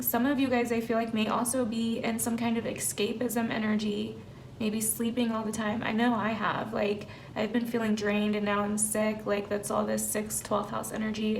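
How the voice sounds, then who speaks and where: A woman's voice: a little high, gravelly, slight background noise. A young woman giving an earnest, emphatic tarot reading to camera in a casual way, full of "like" and "you know". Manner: earnest, emphatic, filler-heavy. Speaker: tarot reader.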